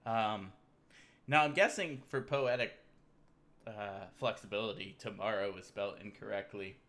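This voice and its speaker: A man's voice: on the low side, moderate pace, a bit bright. A man hosting a casual livestream, rambling and joking about memes while drinking beer. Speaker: livestream host. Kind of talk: casual livestream meme commentary.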